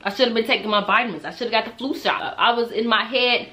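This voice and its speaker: A young adult woman tells a casual storytime to her viewers, talking straight to them in a bright, forceful, fairly high voice at a quick pace. She's animated, laughs a lot, and swears freely throughout.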